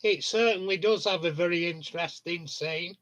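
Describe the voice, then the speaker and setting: A man's voice: sits high, moderate pace, fairly bright tone. A man chatting casually on a live stream, telling rambling stories with frequent chuckles. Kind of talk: casual chat with viewers.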